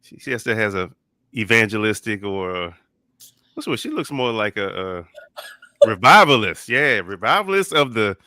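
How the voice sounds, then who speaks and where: A man, a bassist and co-host, bantering playfully in a casual interview chat. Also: big pitch swings, normal speed, sharp tone, no echo.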